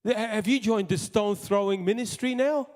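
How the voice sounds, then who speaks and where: A man preaching a sermon as pastor, in impassioned bursts that drop to quiet asides. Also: high-pitched, moderate pace. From Malta. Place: church hall. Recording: long hall reverb.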